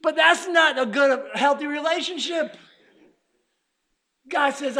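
Male preacher, sermon delivery: very high and brightly ringing, swings from shouted exclamations to hushed near-whispers. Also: a little slow, pauses often.

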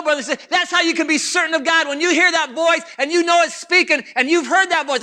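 A male preacher with a very high, piercing voice delivers a fervent sermon. He talks straight to the congregation and circles back over his points again and again. His tone stays tense and sharp throughout.

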